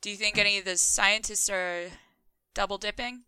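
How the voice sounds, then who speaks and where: Bright, crisp-voiced woman player. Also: medium pitch, steady tone, moderate pace, dry recording, studio quality. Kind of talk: casual tabletop play.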